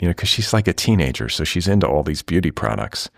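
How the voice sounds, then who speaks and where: A middle-aged man hosts a podcast with a rambling, wry, offhand monologue that keeps drifting into profane asides. His voice sits very low. The recording is close and dry, with no room sound around him. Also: expressive, fairly quick, creaky, hardly any pauses, dry recording. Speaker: podcast host. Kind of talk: casual monologue.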